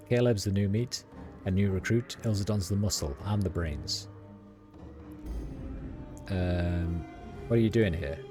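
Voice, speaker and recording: Deep-voiced man reading game text. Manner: reads every part in his own plain voice, with fillers. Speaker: streamer reading a game aloud. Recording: music playing behind.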